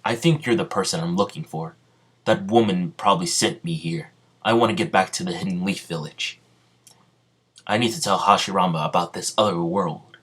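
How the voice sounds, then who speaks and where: An arrogant, menacing ninja warlord, as a man puts him on in a homemade spoken fan story. He talks bluntly in commands and threats, in a fairly low male voice. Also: moderate pace, fairly bright tone, husky. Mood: threatening.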